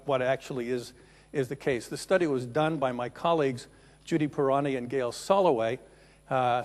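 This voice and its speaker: A middle-aged man giving a conference presentation, unhurried, often pausing to rephrase. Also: medium pitch. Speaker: conference keynote speaker. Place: large conference room. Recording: reverberant conference hall.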